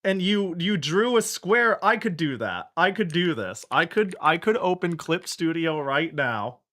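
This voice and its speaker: Excitable ranting streamer man. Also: on the high side, measured pace. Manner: excitable, ranting, laughs and exclaims. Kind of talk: casual reaction commentary.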